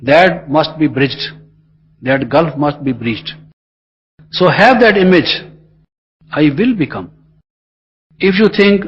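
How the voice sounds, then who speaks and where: Indian english guy giving a meditation class, husky kinda high voice, keeps repeating himself, muffled old recording. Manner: earnest, emphatic, repetitive phrasing. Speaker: spiritual teacher. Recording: dull lo-fi recording.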